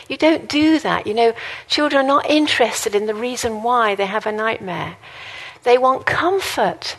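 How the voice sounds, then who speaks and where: Woman, sermon, earnest, conversational, personal stories, fairly high voice. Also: moderate pace. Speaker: guest preacher.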